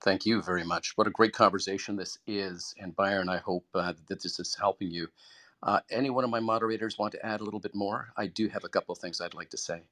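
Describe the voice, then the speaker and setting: A man's voice: low voice, fairly even intonation, quick pace, pushed and bright, dry recording, studio quality. A man hosting an online group room, giving an earnest, encouraging motivational talk that repeats its key phrases. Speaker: room host and moderator.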